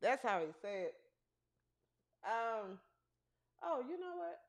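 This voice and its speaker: Speaking slowly in a slightly high voice, this podcast host runs a relaxed women's basketball livestream. She animatedly talks with her live chat, reads team rosters aloud and fumbles with her setup.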